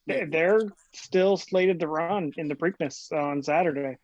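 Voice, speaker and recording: A man's voice: fairly high pitch, measured pace, dull audio, a crowd in the background. A man chatting on a podcast, explaining things matter-of-factly with stammered restarts. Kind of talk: casual chat.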